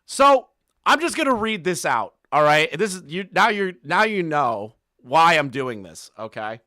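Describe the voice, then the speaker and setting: A man's voice: fairly high pitch, very animated, moderate pace, sharp tone, no room sound, clean studio sound. A man hosting a commentary channel, ranting in a profane, mocking way and laughing between jabs.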